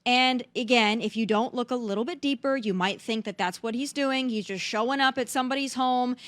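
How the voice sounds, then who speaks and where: A woman's voice: a little high, fairly quick, a bit bright, no room sound. A young woman hosting political commentary, talking in an indignant, incredulous way. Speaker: host.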